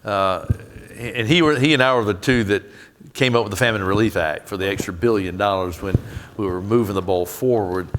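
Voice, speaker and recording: A man with a Southern US accent, answering questions earnestly in a public onstage conversation, with folksy, quick quoted asides. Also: on the low side, fairly bright tone. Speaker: guest, head of an aid agency.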